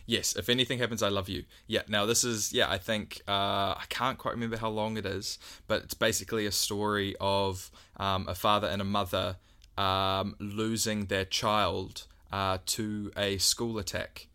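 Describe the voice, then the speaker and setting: A man with a bright, slightly low voice co-hosts a casual podcast. He talks haltingly, full of ums and false starts. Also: flat delivery, clean tone. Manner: hesitant, halting, many ums. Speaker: podcast co-host.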